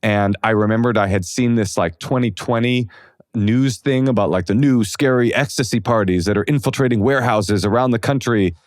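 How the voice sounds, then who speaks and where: A man in his forties from Oakland, a comedian guest telling self-deprecating stories in a casual interview, animated and full of fillers. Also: medium pitch, brisk, dry recording, clean studio sound. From Oakland, California.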